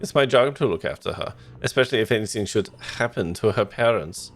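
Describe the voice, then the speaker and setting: A man's voice: fairly low pitch, lively intonation, a little fast. A man voicing a scheming male villain, the girl's guardian, in a smug, gloating manner.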